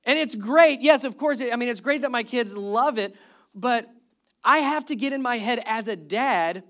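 A man's voice: extremely high pitch, normal speed, a bit bright. A man in his thirties preaching a sermon as pastor, speaking conversationally, with wry humor and repeated emphasis on key words.

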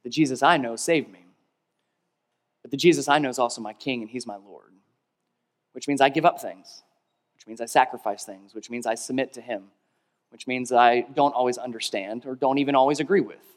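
A male pastor delivering a sermon, leading a call-and-response and swinging between emphatic peaks and quiet, low stretches. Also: brisk. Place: large church hall. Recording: long reverb of a large hall.

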